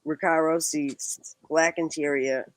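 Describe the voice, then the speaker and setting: A woman's voice: low voice, steady tone, takes it slowly, no room sound, low-quality recording. A woman in her sixties with a Boston accent, a guest telling stories in a casual chat and laughing often between phrases. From Boston, USA. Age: 60s.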